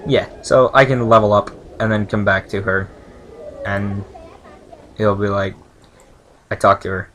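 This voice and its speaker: A man's voice: fairly low pitch, fairly even intonation, unhurried, long pauses, fairly bright tone, a little hiss or hum. A young man casually commenting on a game, rambling and reading the on-screen text aloud. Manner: rambling, chatty, mumbles asides. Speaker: let's play gamer.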